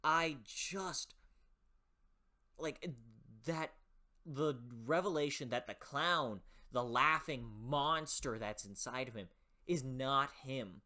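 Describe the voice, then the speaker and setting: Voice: medium pitch, slow pace, bright, forceful tone. A book reviewer talking in a casual, passionate way, swearing freely and often restarting sentences while thinking aloud.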